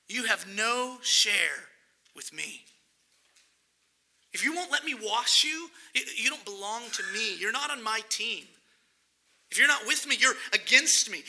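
High, bright, gravelly-voiced male preacher. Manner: animated, dramatizing the scripture with acted-out voices. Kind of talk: sermon.

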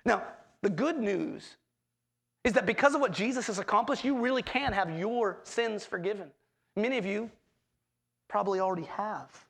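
Gravelly male preacher. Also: high voice, moderate pace, long pauses. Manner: expressive preaching with dramatic quoted voices. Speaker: pastor. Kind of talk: sermon.

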